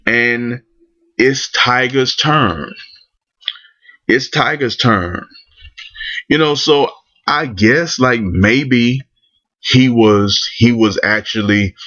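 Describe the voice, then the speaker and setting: A man's voice: medium pitch, fairly bright tone. A man ranting in commentary, blunt and profane, restarting his sentences often. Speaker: vlogger. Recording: dull lo-fi recording.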